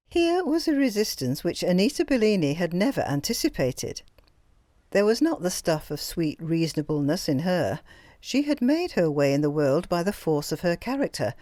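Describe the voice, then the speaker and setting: Expressive woman narrating an audiobook. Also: lowish voice, no room sound. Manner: expressive, storytelling. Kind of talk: scripted narration.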